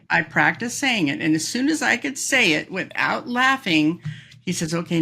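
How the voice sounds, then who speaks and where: A woman guest in an interview, telling stories in an animated way, laughing often and acting out voices. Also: mid-range voice, gravelly. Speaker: professional speaker, guest. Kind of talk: casual storytelling interview.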